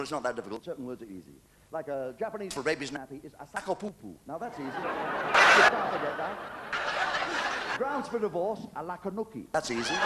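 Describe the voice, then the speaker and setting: Older english comic on stage, high voice that jumps all over, noisy old vhs tape. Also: male voice, long reverb tail. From England. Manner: cheeky, chatty joke-telling with chuckles. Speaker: stand-up comedian. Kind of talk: stand-up comedy routine. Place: theatre stage with a live audience.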